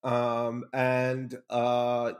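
A young Bahraini man, a guest on a podcast, chats casually in a mid-range voice. His delivery is completely flat and his words are drawn out, and he rambles with many fillers and restarts.

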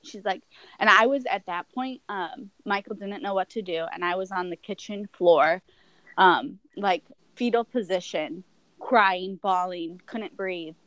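A woman's voice: medium pitch, a little slow, a bit bright, no echo, poor audio. Young woman, candid personal storytelling, rambling, lots of fillers, dry recording. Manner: rambling, many fillers and restarts. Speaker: guest.

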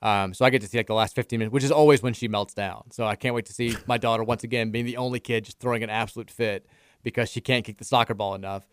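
Smooth-voiced man on sports radio. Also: mid-range voice, quick pace, no echo. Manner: relaxed, self-deprecating storytelling about family. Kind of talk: casual sports radio banter. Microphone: studio microphone.

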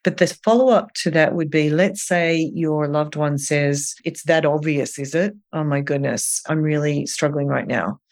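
An eating disorder clinician on an interview, explaining in a gentle, earnest way, step by step. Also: medium pitch, normal speed, few pauses. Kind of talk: advice in an interview.

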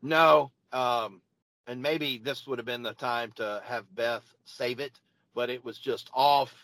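A man co-hosting a wrestling podcast, chatting casually as an eager fan whose voice jumps up when excited. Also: medium pitch, slow, no room sound, low-quality recording. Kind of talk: casual chat reviewing wrestling.

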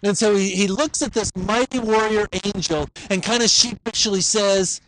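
Male pastor telling a story in a sermon, kinda high voice, casual with lots of uhs. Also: moderate pace, hardly any pauses, fairly bright tone, poor audio. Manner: storytelling, conversational, uses fillers.

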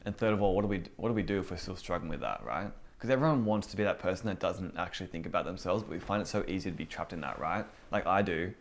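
A man's voice: deep voice, quick pace, few pauses. A man teaching a Bible lesson in a casual, conversational way, asking the room rhetorical questions. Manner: informal, rhetorical questions, acts out inner voices. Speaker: preacher.

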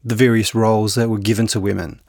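A man's voice: on the low side, little pitch movement, darkish tone, no room sound, clean studio sound. A man, a novelist, talking hesitantly in an interview with many restarts, then reading from his book. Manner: hesitant, halting with restarts and fillers. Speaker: novelist guest.

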